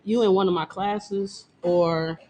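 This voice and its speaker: Woman dancer, brash and profane, quick laughs, no-nonsense. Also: mid-range voice, steady tone, darkish tone. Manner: blunt, profane, boastful, laughs often. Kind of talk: casual interview talk. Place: Detroit.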